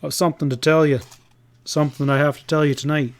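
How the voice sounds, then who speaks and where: A man voicing a frightened young cowhand in a western audiobook, hurried and stammering. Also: a little high, level tone, natural voice.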